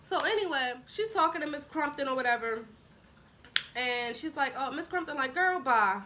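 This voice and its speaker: A woman in her twenties tells a casual storytime vlog in a high, bright voice. She is chatty and animated, acting out what people said. A faint hiss sits under the recording. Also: normal speed. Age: 20s. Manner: chatty, animated retelling with acted-out quotes. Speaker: vlogger.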